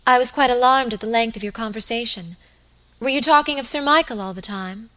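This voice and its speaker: A woman's voice: fairly high pitch, brisk, bright, forceful tone, voice pushed up. A woman voicing an anxious young lady of the manor, who asks probing questions in a storybook reading.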